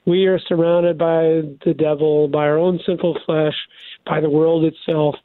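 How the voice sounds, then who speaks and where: An older man, a pastor and radio guest, talking through scripture in an animated, preacherly way with many restarts, over a phone line. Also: fairly high pitch, measured pace, no room sound. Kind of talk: devotional radio talk.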